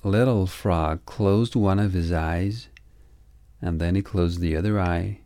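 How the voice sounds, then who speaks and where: A man reading a children's story aloud in slow, measured storybook narration. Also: deep voice, dark tone, no room sound.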